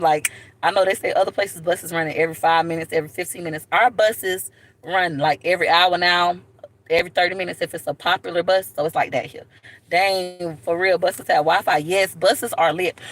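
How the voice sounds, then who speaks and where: A woman telling stories to camera in a blunt, animated way, often calling viewers "baby". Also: on the low side. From Florida, USA. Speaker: vlogger. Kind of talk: casual storytelling to camera.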